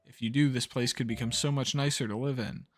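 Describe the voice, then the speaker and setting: A man voicing an older male professor in a put-on old-man voice, reading game dialogue on a stream, wistful and slow. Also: medium pitch, fairly even intonation, natural voice. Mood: pleased.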